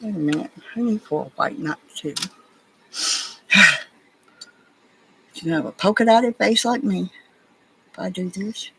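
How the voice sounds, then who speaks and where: A woman with an Alabama accent hosts a relaxed beading livestream. She talks in a folksy, rambling way, telling stories and fussing at her beads as she works. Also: medium pitch, a little slow, long pauses, a little hiss or hum, low-quality recording. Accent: Southern US (Alabama). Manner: folksy, rambling, chatty storyteller. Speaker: livestream host. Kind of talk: casual chat while beading.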